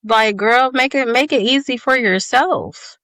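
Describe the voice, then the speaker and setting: A woman's voice: a little high, measured pace, fairly bright tone, dry recording. A woman co-hosting a podcast in casual chat, telling long, blunt, profane stories. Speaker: podcast co-host.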